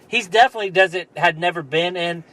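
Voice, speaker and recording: A young man with a noticeably high voice tells a long, rambling story to a friend. He chuckles often and slips into quick impressions of what people said. It's loose, casual podcast chat. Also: pushed and bright, poor audio. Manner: rambling, laughs often, acts out quotes. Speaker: podcast co-host.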